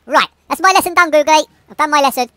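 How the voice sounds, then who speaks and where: A woman's voice: high voice, quick pace, bright, forceful tone, no room sound. A British woman hosting a gaming channel, swearing freely and laughing often as she plays with her partner. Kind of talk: casual game commentary.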